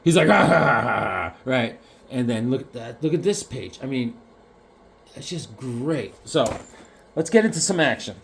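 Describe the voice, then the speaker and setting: A man chatting casually about comic books, jokey and animated, now and then acting out the characters. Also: medium pitch, normal speed, long pauses, a little hiss or hum. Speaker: comic collector vlogger. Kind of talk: casual chat.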